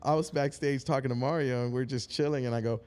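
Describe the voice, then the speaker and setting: A man's voice: medium pitch, fairly even intonation, quick pace, darkish tone, smooth. A middle-aged man from San Antonio, a comedian guest on a talk show, telling stories in a laid-back way and acting out the voices of the people in them. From San Antonio, Texas. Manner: laid-back storyteller who acts out voices in anecdotes. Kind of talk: casual chat, storytelling.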